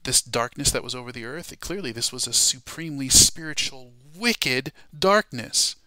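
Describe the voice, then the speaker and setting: A man teaching a Bible study class in a sermon style, emphatic and dramatic, slowing down to stress key words. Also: medium pitch, bright, forceful tone, smooth, dry recording.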